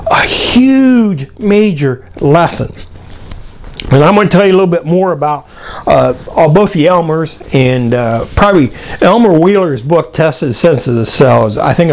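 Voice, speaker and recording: An older man with a slightly high voice tells a story from his youth. He is animated, and he acts out the voices of the people in it. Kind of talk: personal storytelling talk.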